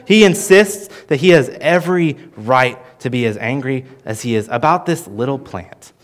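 A man teaching through a Bible passage in an earnest sermon, with lively emphasis and frequent restarts. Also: mid-range voice. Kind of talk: expository sermon.

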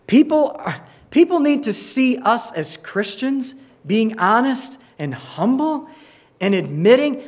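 A man with a high voice gives an earnest sermon as a pastor. He often restarts his words and slips into acted-out quoted voices while explaining scripture. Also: sing-song, measured pace. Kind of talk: sermon with Bible reading.

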